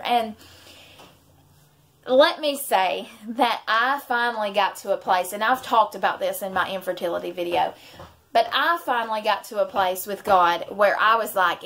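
A woman's voice: medium pitch, normal speed, fairly bright tone. A woman, in her thirties, sharing a heartfelt, rambling personal faith story on her vlog. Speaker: vlogger and mother. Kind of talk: emotional personal testimony.

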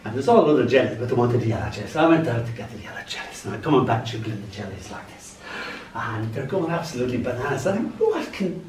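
A man's voice: medium pitch, lively intonation, fast talker, darkish tone. A middle-aged man giving a live poetry reading at a showcase, wry and given to chuckling asides. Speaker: poet. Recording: roomy hall, distant mic, faint room noise.

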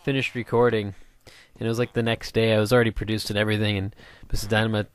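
A man's voice: lowish voice, level tone, fast, smooth, no room sound. A man chatting his way through a game session at a desk microphone, rambling from one thought to the next. He jokes freely and calls out to the characters on screen as he plays. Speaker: gaming video host. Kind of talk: casual let's-play commentary.

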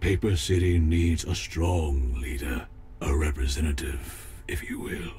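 An actor playing a scheming shark casino boss with a deep bass voice and a hushed, menacing manner. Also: male voice, a little slow, a little hiss or hum.

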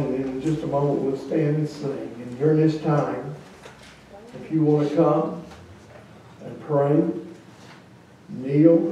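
Male pastor, slow earnest sermon, mellow voice, echoey sanctuary miked from afar. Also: a little high, muffled recording, a little hiss or hum. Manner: earnest, pleading invitation to come forward. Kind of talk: sermon and communion liturgy. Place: church sanctuary. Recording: echoey church from a distant mic.

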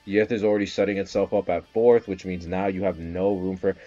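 Excitable, swearing male game streamer. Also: deep voice, a little fast, hardly any pauses, lo-fi sound, soft background music. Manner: excitable, swearing, bursts into loud shouts. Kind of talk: casual live game commentary.

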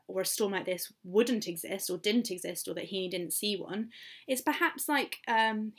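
A woman English teacher with an English accent gives a recorded poetry lesson, explaining as she goes, thinking aloud with fillers and correcting herself. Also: mid-range voice.

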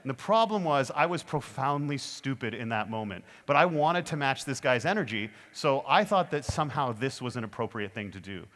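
A man delivers a comic keynote story to an audience, animated and self-deprecating. His voice sits at an ordinary middle pitch, and he leans hard on timing for laughs. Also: a little fast, few pauses. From Canada. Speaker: keynote speaker.

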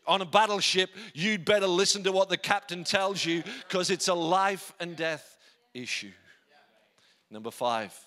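A man preaching a sermon in church, emphatic, often dropping to quiet low tones for effect. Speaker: pastor.

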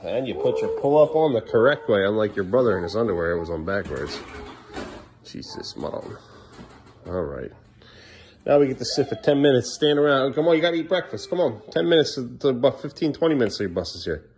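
A sleepy father in his thirties films a casual family vlog, starting in the home kitchen and then moving outdoors by the street, teasing and coaxing his kids along. His medium-pitched voice is very animated and fairly quick.

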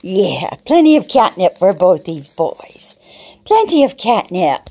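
A woman's voice: on the low side, big pitch swings, takes it slowly, mellow, slightly rough. A woman in a home video, cooing baby talk to her cats with frequent gasps and small laughs. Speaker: cat owner filming her pets.

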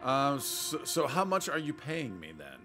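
A man's voice: medium pitch, wildly swooping pitch, a little slow, pushed and bright, soft background music. A man playing a video game and commenting casually, rambling and hesitating as he talks. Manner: rambling, hesitant, chatty asides. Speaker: gaming YouTuber. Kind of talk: let's play commentary.

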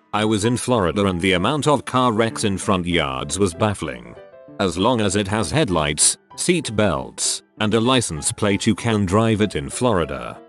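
A man narrating reader-submitted stories as scripted narration, reading aloud with a lively, animated delivery. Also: fairly low pitch.

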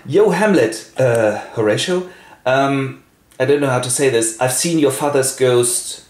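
A man voicing an excitable young musician friend who stammers and hurries, in an echoey room. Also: mid-range voice, unhurried, slight background noise, voice pushed up, lightly acted. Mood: excited.

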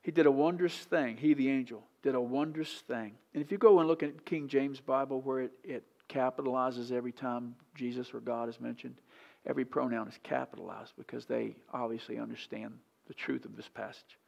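A male pastor preaching a sermon in church, animated and often questioning the congregation directly. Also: medium pitch, a little fast, creaky, lo-fi sound. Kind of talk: sermon teaching.

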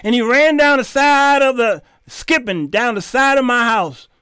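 A middle-aged man, hosting his show and telling a story in an animated, preachy way with sudden shouts. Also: very high-pitched, unhurried, clear, resonant tone, no room sound, clean studio sound. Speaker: show host. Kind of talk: storytelling commentary.

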